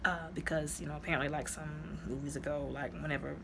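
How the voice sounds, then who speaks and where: A movie reviewer with a deep voice casually recaps a film in a chatty, rambling way, speaking quickly with fairly even intonation. She drops into dramatic whispers when acting out lines, and background noise can be heard.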